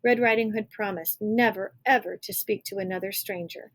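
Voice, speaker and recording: A woman reading a picture book aloud to children, pausing to explain words in a lively way. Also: medium pitch. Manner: animated, explains words for kids. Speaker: children's storyteller.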